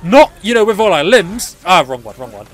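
High-voiced excitable man yelling at a game. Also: a little fast. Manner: chatty asides to viewers, frequent laughter. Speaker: gaming channel host. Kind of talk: let's play commentary.

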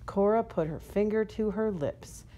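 A woman reading a children's picture book aloud in a gentle, unhurried storytelling manner. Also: mid-range voice. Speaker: storybook reader.

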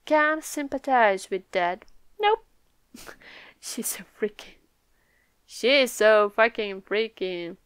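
A young woman hosting a live comic reaction video, excitable and laughing often, swearing freely. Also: medium pitch, takes it slowly, clean tone, no echo. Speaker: manga reaction video host.

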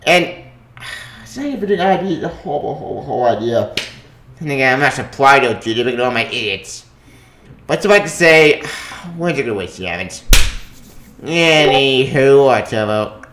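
A man's voice: medium pitch, animated, fairly bright tone, echoey room, slight background noise. A man ranting angrily and profanely on his own channel, repeating himself and stumbling over his words. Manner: profane, agitated, repetitive, halting. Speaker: gaming vlogger. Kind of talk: angry solo rant.

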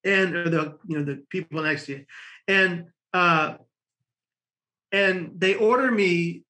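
A man from the United States, a podcast guest, telling a lively anecdote and acting out the people in it. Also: high voice, slow pace. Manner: lively, acts out the people in his story. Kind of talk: animated storytelling.

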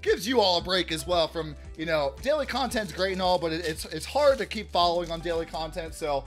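A man hosting a casual card-opening vlog, chatty and upbeat, shouting out big pulls and often restarting his sentences. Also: fairly high pitch, animated, a little fast, faint music behind. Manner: chatty, hypes big pulls loudly, self-correcting restarts. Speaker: card-opening channel host.

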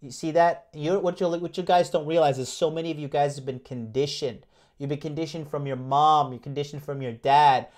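A man coaching his viewers on a livestream, brash and profane, hammering the same phrases again and again and slipping into mocking whiny voices. His voice sits a little high for a man. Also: steady tone, fairly quick, darkish tone. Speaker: dating coach and host. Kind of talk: livestream motivational rant.

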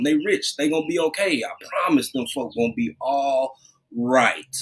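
A man hosting a casual live stream, greeting viewers by name in a loose, conversational way, talking close to his webcam at home. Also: mid-range voice. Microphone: webcam, leaning close.

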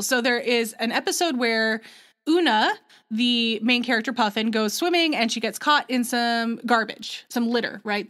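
A young adult woman co-hosting a podcast in casual chat, talking in quick, rambling runs with frequent restarts. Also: on the high side, a bit bright. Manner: chatty, restarts often, slips into quick character voices. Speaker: podcast co-host.

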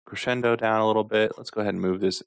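A man, a music instructor, calmly talking through a screen-recorded software tutorial step by step. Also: on the low side, rapid-fire, gravelly, clean tone, no room sound. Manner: calm step-by-step walkthrough.

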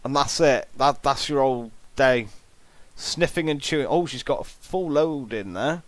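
A man's voice: medium pitch, moderate pace, no echo. A man giving comic, exasperated reaction commentary, jokingly disgusted and theatrical.

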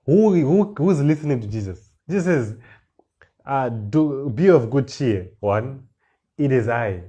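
A man preaching a sermon, reading scripture verses slowly and then explaining them with rising emphasis and repeated words. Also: medium pitch, animated, warm tone, slightly rough, lo-fi sound.

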